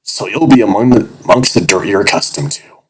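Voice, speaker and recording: A leering male slave overseer, read by a man in an audiobook, with a throaty accent and a mocking, jovial manner. His voice sits at the very bottom of the register, deep and heavy. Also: normal speed, natural voice.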